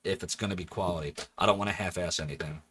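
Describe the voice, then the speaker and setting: Animated, bright-voiced streamer man. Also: sits low, fast talker, slight background noise. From Philadelphia area. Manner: animated, chatty, laughs often, jumps between joking voices. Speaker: livestreamer. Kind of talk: casual let's-play chat.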